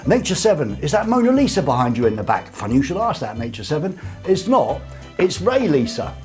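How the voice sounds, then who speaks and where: A man's voice: a little high, big pitch swings, brisk, darkish tone, faint music behind. A man hosting a casual live show from a small studio, reading out viewer comments with cheeky, rambling jokes. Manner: jokey, rambling, cheeky asides.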